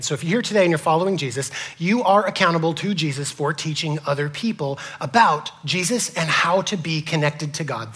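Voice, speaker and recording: Animated man preaching a sermon. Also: fairly high pitch, husky. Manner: animated, swings from loud to whispered; asks the congregation questions. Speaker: pastor.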